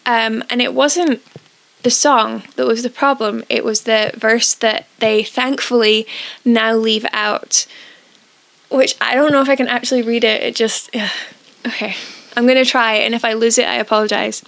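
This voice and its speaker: A woman co-hosting a casual podcast, gentle and thoughtful, a little hesitant as she explains. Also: on the high side, fairly even intonation, moderate pace, creaky. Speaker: podcast co-host. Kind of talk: casual chat with read-aloud hymn verses.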